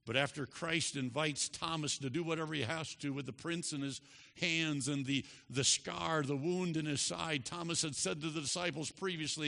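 A man preaching a sermon with emphatic, drawn-out stresses and big swings in pitch and loudness. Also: vocal fry. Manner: leads the congregation in repeating a statement.

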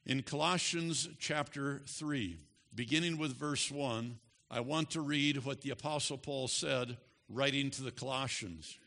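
Bright-voiced man preaching slowly in a hall. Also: mid-range voice, gravelly. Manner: slow, emphatic preaching with swells in loudness. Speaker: pastor. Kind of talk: sermon. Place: church sanctuary. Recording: long reverb of a large hall.

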